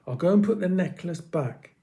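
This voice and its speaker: A man doing an earnest storybook boy, raised pitch, urgent and mellow. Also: expressive, normal speed. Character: earnest brave young boy adventurer.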